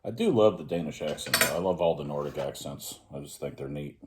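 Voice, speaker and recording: In a casual vlog, a man with a bass voice reviews a pipe while smoking it, chatting in a relaxed, rambling way and joking at his own expense. He speaks fairly quickly, with slight background noise.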